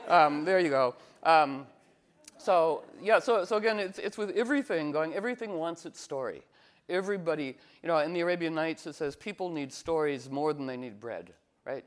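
Male astrologer, slightly high voice, rambling chat, animated, many fillers. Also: moderate pace. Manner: meandering, full of fillers and restarts; animated, slips into playful cooing voices. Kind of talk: rambling casual monologue.

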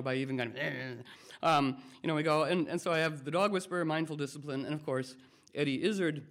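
A man giving a rambling, playful talk to a group as a spiritual teacher, drifting between ideas and acting out quotes in lively voices. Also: on the high side.

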